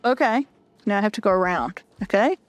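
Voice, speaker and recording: A young woman hosting a gaming channel chats casually over a video game she's playing, swearing often and poking fun at herself. Her mid-range voice is animated and a bit quick, with no echo and faint music in the background. It's relaxed let's play commentary.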